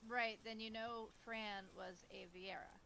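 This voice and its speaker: A woman casually chatting and guiding her mother through a co-op game, relaxed and a bit playful. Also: on the high side, measured pace, gravelly, slight background noise. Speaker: co-player, streamer. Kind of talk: casual gameplay chat.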